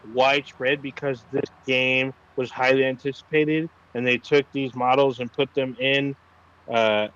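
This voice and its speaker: A man chats casually on a gaming podcast, tossing out swear words and fillers as he goes. His voice sits at an ordinary middle pitch. The audio sounds a little dull and lo-fi. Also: flat delivery, measured pace, a bit bright, clear, resonant tone. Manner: loose and profane, lots of fillers. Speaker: podcast co-host.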